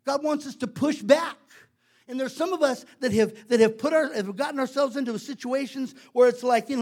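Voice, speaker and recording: A man preaches in a casual, conversational way, leaning on repetition for emphasis. His voice sits very high for a man. The delivery stays emphatic and direct. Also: fairly quick, darkish tone. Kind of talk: sermon.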